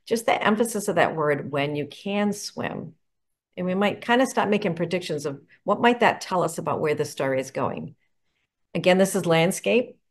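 A woman educator explaining picture book covers to teachers in an enthusiastic, explanatory way. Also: deep voice. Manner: enthusiastic, explanatory, poses questions. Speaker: educator presenting picture books. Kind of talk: instructional talk to teachers.

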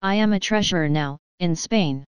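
A woman reading the lines of a fretful, flustered male royal treasurer in her own low, very smooth voice. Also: normal speed, no echo, natural voice. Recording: dry, slightly dull lo-fi.

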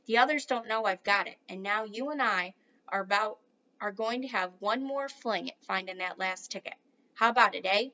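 A woman reading a storybook aloud, voicing a sly, excitable old grandfather who talks in a conspiratorial whisper. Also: mid-range voice, moderate pace, highs cut off. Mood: eager.

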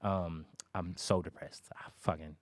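A man's voice: low-pitched, steady tone, measured pace, no echo, studio quality. A man in his thirties telling his life story in a casual interview, candid and emphatic, swearing freely.

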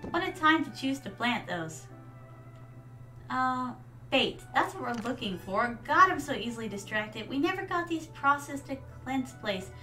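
A woman's voice: high-pitched, sing-song, unhurried, pushed and bright, distant mic, faint music behind. A woman streaming a farming game, chatting casually and calling her viewers darlings. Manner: chatty, reads game lines aloud, addresses chat as darlings. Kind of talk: casual gameplay chat.

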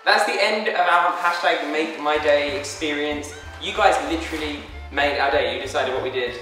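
A man's voice: a little high, normal speed, pushed and bright, distant mic. Young male vlog host, teasing, laughs a lot; echoey room, off-mic, music behind. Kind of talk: casual vlog challenge chat.

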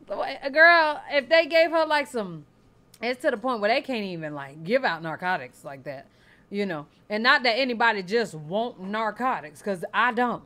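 A woman's voice: medium pitch, lively intonation, moderate pace, bright, forceful tone. A woman hosting a reaction video, talking bluntly and jokingly with profanity. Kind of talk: casual reaction commentary.

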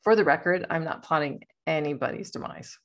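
A woman with a low voice talks briskly as she hosts a podcast. Her casual chat is rambling and playful, and she laughs often.

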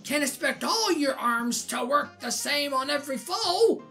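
A woman's voice: high-pitched, lively intonation, a little slow, pushed and bright, voice pushed down, heavily acted. A woman reading aloud the lines of a little pirate girl in a video game, with salty pirate talk. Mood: bossy. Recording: game music behind.

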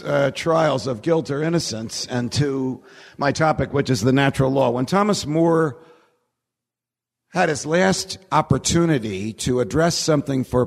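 A man's voice: medium pitch, vocal fry, darkish tone, slightly rough. A man giving a lecture at a conference, a wry storyteller who laughs at his own jokes, speaking at a podium microphone. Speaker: guest speaker. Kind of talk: lecture with humorous anecdotes. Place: large conference hall. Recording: reverberant lecture hall.

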